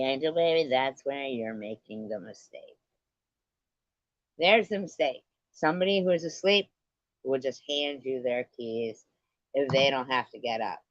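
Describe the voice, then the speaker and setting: Woman stream host, unhurried, salty and laughing; dry close sound, muffled lo-fi stream quality. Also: extremely low pitch, no room sound. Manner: blunt, profane, laughs often. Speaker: livestream host. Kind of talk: casual live-stream chat. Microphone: computer mic on live stream. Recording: dull lo-fi stream audio.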